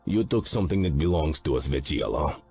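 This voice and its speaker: A man's voice: very deep voice, animated, a little fast, gravelly, warm tone, husky, faint music behind, full character voice. A man voicing a menacing, taunting male Russian mob underboss with a Russian accent in an audiobook. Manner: sneering, threatening. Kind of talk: audiobook character voice.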